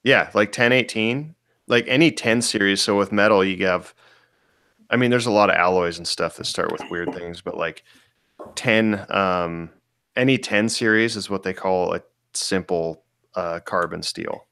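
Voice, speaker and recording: A man's voice: low voice, a little slow, creaky, bright, forceful tone, clean tone, no echo, clean studio sound. A man co-hosting a casual podcast, explaining technical details with many fillers and restarts. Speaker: blacksmith co-host.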